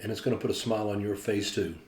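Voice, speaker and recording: Pastor guy telling a story, gets animated and acts out the people in it, echoey room. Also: fairly low pitch, fast talker. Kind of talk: devotional storytelling.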